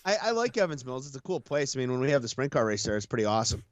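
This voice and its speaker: Man, casual co-host, tired, rambling, self-deprecating, middle pitch, dry close sound. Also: big pitch swings, racing, no echo. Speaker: co-host, race announcer. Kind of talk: casual chat.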